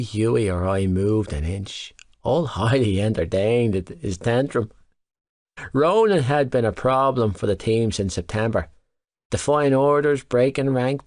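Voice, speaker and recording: A man's voice: mid-range voice, a little mellow, dry recording. Male audiobook narrator, dry close studio sound. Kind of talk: first-person audiobook narration.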